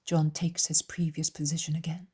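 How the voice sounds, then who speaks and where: 轻声耳语朗读的女声有声书旁白. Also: female voice, low-pitched, flat delivery, normal speed, breathy edge. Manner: soft, hushed, mostly whispered delivery. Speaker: audiobook reader. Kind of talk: whispered audiobook narration.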